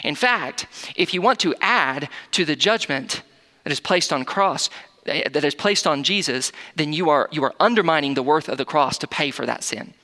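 A male pastor delivers a sermon with earnest, animated energy, restarting phrases and repeating words as he goes. His voice is bright and sits a bit high for a man. The recording carries a long, echoing hall reverb. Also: moderate pace.

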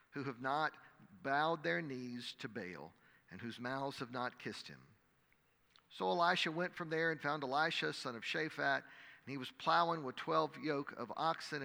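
A man preaching a sermon, reading scripture dramatically and crying out the quoted prayers loudly. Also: mid-range voice, creaky. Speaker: pastor. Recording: long hall reverb.

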